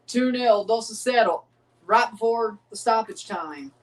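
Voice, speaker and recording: A man's voice: high voice, measured pace, a bit bright, recorded from a distance, slight background noise. A man hosting a casual live watchalong, chatting with viewers and often repeating phrases. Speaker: livestream host reacting to a match.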